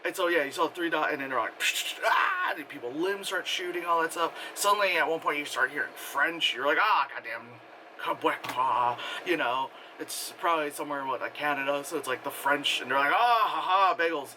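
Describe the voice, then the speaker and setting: A man giving a casual spoken movie review, rambling and excitable, full of fillers and acted-out quotes. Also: fairly high pitch, fast, hardly any pauses, background noise.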